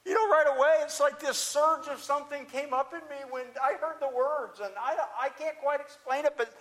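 A man's voice: very high voice, moderate pace, fairly bright tone. A man preaching as the apostle Peter, an impulsive and talkative fisherman, telling his story in the first person with earnest, searching restarts. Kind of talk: first-person dramatic monologue.

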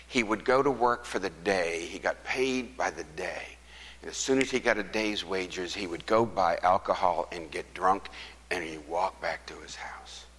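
Male preacher, husky, bright tone, slow folksy storytelling, reverberant church hall. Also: sits low. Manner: folksy, earnest testimony. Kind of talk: sermon storytelling.

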